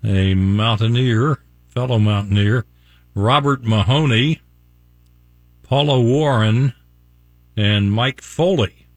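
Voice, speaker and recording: A man's voice: medium pitch, takes it slowly, pauses often, dry recording. An older man from West Virginia hosting a casual morning radio show, folksy and chuckling as he reads out examples. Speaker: radio host. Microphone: studio microphone.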